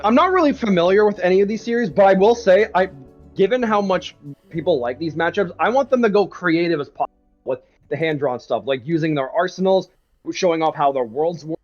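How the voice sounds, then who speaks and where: A man's voice: high-pitched, animated, a little fast, lo-fi sound, faint music behind. A man speaking earnestly as a guest in a casual group chat. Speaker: panel guest.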